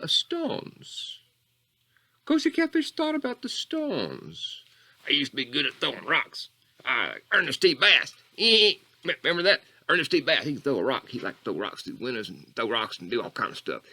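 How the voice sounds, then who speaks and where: A man voicing a folksy Louisiana bayou oddball, who drawls through a digressive tale. His pitch swoops wildly between low mumbles and sudden high squeaks, and his tone stays bright and edgy. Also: heavily acted. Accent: Southern US (Louisiana bayou). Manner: meandering, digressive, mock-earnest storytelling. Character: rambling bayou man calling himself Coach Catfish. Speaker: comedy character host. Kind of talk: character monologue.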